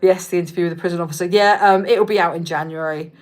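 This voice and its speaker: A woman's voice: lowish voice, steady tone, fast talker. A woman in her thirties from Reading in England, with a southern English accent, chatting frankly on a livestream, reading out viewer comments and swearing freely. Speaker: livestream host.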